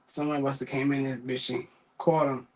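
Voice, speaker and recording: A man's voice: mid-range voice, flat delivery, fast, rough recording. A man telling work stories in a casual, profane, exasperated rant, repeating himself.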